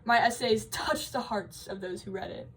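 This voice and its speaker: A woman's voice: mid-range voice, moderate pace, husky, low-quality recording. A young woman vlogging about college, telling stories in a rambling, emphatic way with lots of fillers. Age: young adult. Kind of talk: casual vlog chat.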